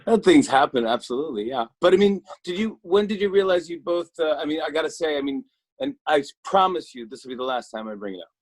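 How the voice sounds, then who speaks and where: A man's voice: a little high, lively intonation, fast talker. A man hosting a talk show, asking eager, rambling questions.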